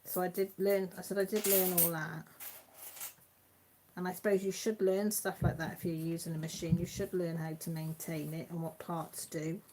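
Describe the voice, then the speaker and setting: A woman's voice: fairly low pitch, level tone, moderate pace, dark tone, slight background noise. A woman hosting a live chat stream, chatting casually and rambling with many restarts, sounding tired.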